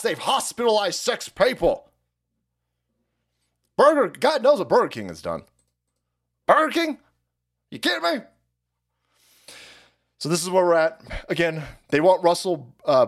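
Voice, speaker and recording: A man hosting a live stream, ranting in a profane, sarcastic way. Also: a little high. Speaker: streamer host.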